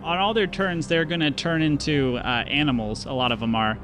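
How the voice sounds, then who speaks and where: Brief: easygoing young male game master, rambling narration, a bit high-pitched. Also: brisk, over music. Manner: relaxed, rambling, many fillers and restarts.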